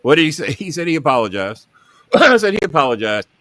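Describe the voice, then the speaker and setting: A man's voice: fairly high pitch, very animated, a little fast, pushed and bright, no room sound. A middle-aged man hosting a talk show, telling a long story and acting out the quotes in it.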